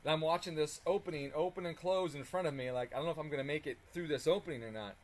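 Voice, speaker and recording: A man telling a story in a casual, animated way while working on a car, swearing freely and chuckling as he talks. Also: fairly high pitch, quick pace. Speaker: car tuning channel host.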